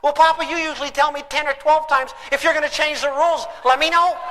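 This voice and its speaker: A man's voice: extremely high pitch, fairly even intonation, fast, fairly bright tone, a little hiss or hum, voice pushed up. A man voicing a sassy young boy who talks back to his father, heard in a reverberant hall. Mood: cheeky. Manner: sassy, matter-of-fact.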